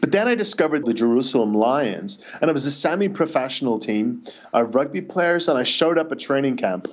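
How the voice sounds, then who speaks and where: A man's voice: medium pitch, expressive. A man with a Northern Irish accent, an author answering interview questions in a chatty, anecdotal way. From Northern Ireland. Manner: chatty, anecdotal, quick restarts.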